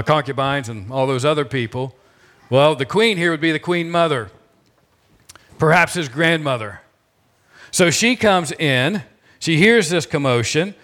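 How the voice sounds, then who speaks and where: Emphatic preacher man, fairly high voice. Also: fairly bright tone. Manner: emphatic preaching with repeated phrases. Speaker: pastor. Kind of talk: sermon.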